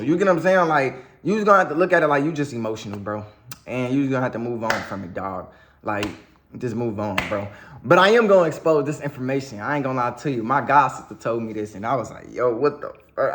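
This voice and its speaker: A young man talks straight to the camera in a casual, unscripted vlog, offering relationship advice. He is blunt and slangy, and keeps circling back to the same catchphrases. His voice sits a little higher than most men's. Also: fairly bright tone. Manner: blunt, slangy, repeats "you get what I'm saying". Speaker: vlogger giving relationship advice. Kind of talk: casual direct-to-camera talk.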